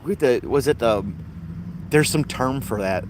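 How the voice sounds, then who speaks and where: A man's voice: mid-range voice, lively intonation, a little slow, background noise. A man hosting a casual podcast chat, rambling and wry, laughing at his own jokes. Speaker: podcast host.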